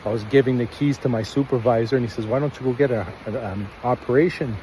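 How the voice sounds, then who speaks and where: A man's voice: medium pitch, fast talker, warm tone, a little hiss or hum, poor audio. Earnest rambling man telling his story. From Canada. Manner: rambling, earnest, acts out quotes. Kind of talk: casual personal storytelling.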